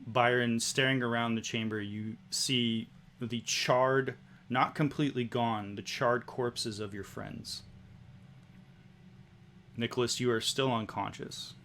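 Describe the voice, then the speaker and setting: A man narrating as game master, in a slow, hushed style with pauses. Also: mid-range voice, steady tone, slight background noise.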